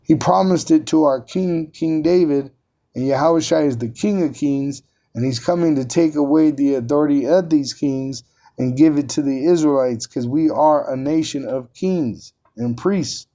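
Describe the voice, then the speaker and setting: A man's voice: on the high side, normal speed, mellow. A man preaching and teaching from scripture, combative and profane, often repeating words as he drives his points home.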